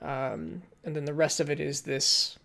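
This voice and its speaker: A man narrates a tabletop game as its game master, his voice gravelly at the edges. He describes the scene at an easy pace, stopping now and then with an um or uh to find the next words. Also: a little high. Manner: relaxed, pauses with ums and uhs while describing scenes.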